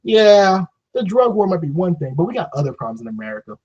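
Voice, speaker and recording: A man's voice: sits high, sing-song, fast, a little mellow. A man vlogging a profane, sarcastic, exasperated rant to camera. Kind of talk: ranting monologue. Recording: dull lo-fi recording.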